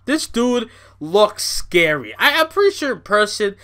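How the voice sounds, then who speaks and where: High-voiced, excitable man ranting casually. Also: moderate pace. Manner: rambling, profane, excitable, fillers like "you know". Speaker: podcast host.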